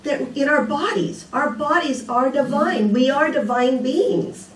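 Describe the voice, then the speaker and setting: An older woman delivers a relaxed, conversational sermon, telling homely stories and asking her listeners rhetorical questions. She stands some distance from the mic, and her voice carries the echo of a large room, with a faint hum of ambience underneath. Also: high-pitched, measured pace. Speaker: speaker at a spiritual community. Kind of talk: casual sermon. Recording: echoey room, picked up from a distance.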